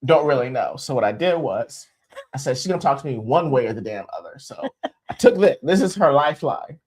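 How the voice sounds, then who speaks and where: Casting: young man, middle-pitched voice, casual storyteller, lots of restarts. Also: expressive, fairly quick. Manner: rambling, joking, with many restarts and laughs. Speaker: co-host, expectant father. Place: home livestream.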